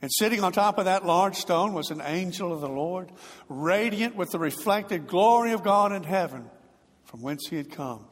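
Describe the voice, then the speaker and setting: A man's voice: high-pitched, animated, moderate pace. Man preaching in a reverberant church. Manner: dramatic storytelling with big swells in volume. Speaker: pastor. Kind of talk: sermon.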